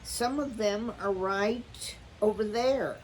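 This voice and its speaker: A woman voicing an eager, talkative young mother mouse in a storybook reading, piling up excited questions. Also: medium pitch, slow pace, slight background noise, voice pushed up, natural voice.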